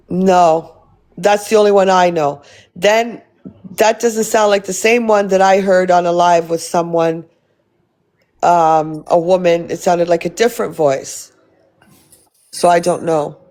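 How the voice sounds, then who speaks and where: A woman's voice: lowish voice, a little mellow. A woman live-streaming, chatting casually with her viewers and reading their comments, blunt and rambling, swearing freely.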